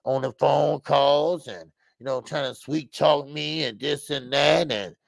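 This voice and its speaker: A man's voice: a little high, a little slow, vocal fry, dry recording. Heated male boxing show host. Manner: heated, animated, repetitive fillers. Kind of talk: casual opinionated commentary.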